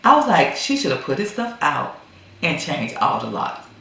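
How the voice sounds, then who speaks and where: A woman retelling a movie plot in a casual, animated way, acting out the characters' lines. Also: sits low, moderate pace, gravelly. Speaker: movie reviewer. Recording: very echoey room.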